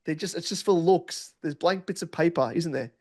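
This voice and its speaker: Playful man with a higher voice. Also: moderate pace, darkish tone. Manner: playful and jokey, spins running gags and mock voices. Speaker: podcast co-host. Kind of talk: fantasy football podcast chat.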